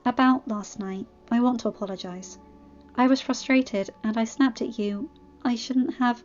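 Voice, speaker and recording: A woman voicing a young noblewoman who speaks gently and then with lively emphasis, in a fan-fiction audiobook reading. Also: on the high side, moderate pace, dull audio, lightly acted. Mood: apologetic.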